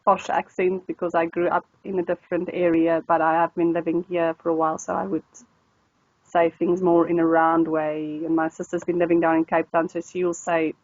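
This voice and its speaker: A young South African woman with a South African accent, her first language Afrikaans, talking casually as an interview guest. Her voice sits a little low and she leans on "you know" and easy laughs. The audio is dry and somewhat muffled. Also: darkish tone, no echo. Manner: chatty, frequent "you know" fillers, laughs often.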